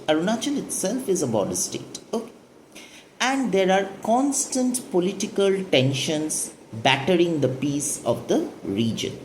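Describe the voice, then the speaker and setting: A woman's voice: on the low side, a little mellow, a little hiss or hum. A woman teaching a poetry lesson, explaining the lines and asking and answering her own questions. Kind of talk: literature lesson explaining a poem.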